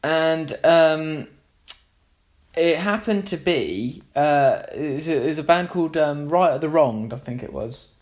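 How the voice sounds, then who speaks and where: A man's voice: a little high, expressive, a little slow. A man, a musician, telling a long casual anecdote in a rambling way, full of fillers and restarts.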